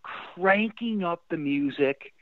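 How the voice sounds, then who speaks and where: A middle-aged man, a guest musician telling stories in a casual interview, animated and emotional, often restarting his sentences. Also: high-pitched, takes it slowly, no room sound. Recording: dry tinny phone-like line.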